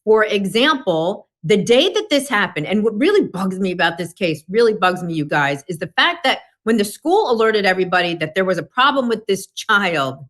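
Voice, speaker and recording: A woman's voice: mid-range voice, big pitch swings, moderate pace, hardly any pauses, a bit bright. A woman giving frank, emphatic legal commentary on a talk show panel. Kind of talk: panel discussion.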